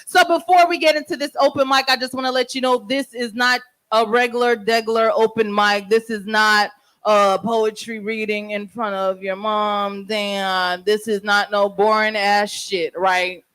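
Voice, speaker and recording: A woman's voice: mid-range voice, steady tone, moderate pace, fairly bright tone, rough recording. A woman hosts a live open mic from a venue stage, speaking into a handheld mic. Her delivery is brash and playful, full of teasing and crowd-hyping. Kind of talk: live event hosting.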